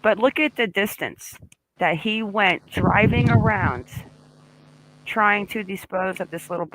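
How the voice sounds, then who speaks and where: A woman's voice: mid-range voice, unhurried, a bit bright, slight background noise, low-quality recording. A woman hosting a casual live true-crime discussion, chatting and greeting viewers by name. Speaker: livestream host.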